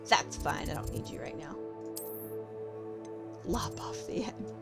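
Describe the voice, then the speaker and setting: A woman's voice: sits low, slow pace, vocal fry. A woman from California, streaming a game and chatting casually with her viewers, thinking aloud and answering their comments. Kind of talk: casual live-stream chat while gaming. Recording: game music playing behind.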